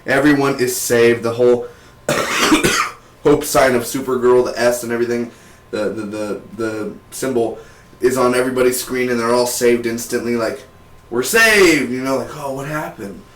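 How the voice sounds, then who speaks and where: Young male reviewer, slangy and rambling, mid-pitch voice, echoey room. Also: moderate pace. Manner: excitable, slangy, rambling with fillers. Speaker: TV show reviewer. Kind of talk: casual recap. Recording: roomy echo.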